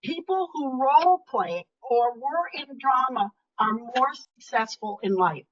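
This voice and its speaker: Speaking on a video call with lo-fi audio, an older woman delivers a webinar as a motivational speaker. Her high voice is expressive and unhurried, and her manner is emphatic and chatty.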